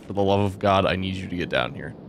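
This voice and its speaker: A young man giving gameplay commentary, swearing often and breaking into excitable outbursts. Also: deep voice, fast, slight background noise. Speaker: let's play host.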